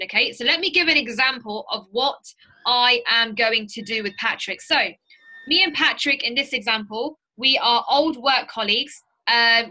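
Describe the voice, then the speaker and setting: A woman with a high, bright, forceful voice runs a sales training for a group. She talks in an animated, direct way and teaches through stories. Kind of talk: lively training talk to a group.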